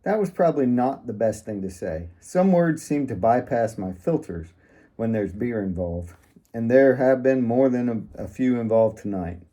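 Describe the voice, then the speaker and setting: A man's voice: medium pitch, lively intonation, normal speed, warm tone. A man reading first-person fiction aloud in a wry, sardonic manner. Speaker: audiobook narrator.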